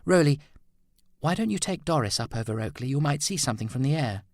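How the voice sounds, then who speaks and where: A man voicing a tender, anxious young woman sculptress in a raised, soft voice. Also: medium pitch, expressive, brisk, no room sound, clean studio sound, voice pushed up, lightly acted. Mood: gentle.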